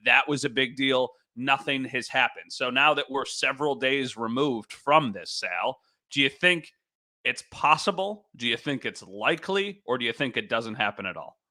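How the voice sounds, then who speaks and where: Bright-voiced joking sports podcast co-host. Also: male voice, mid-range voice, lively intonation, normal speed, dry recording. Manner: joking and self-deprecating. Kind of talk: casual sports podcast chat.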